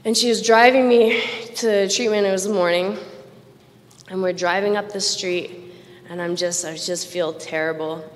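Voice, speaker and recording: A woman with a mid-range voice, fairly even intonation, and a moderate pace tells her recovery story frankly at a roundup. Laughing between lines and self-mocking, she addresses a large event hall through a stage microphone, and the sound trails off in long hall reverb.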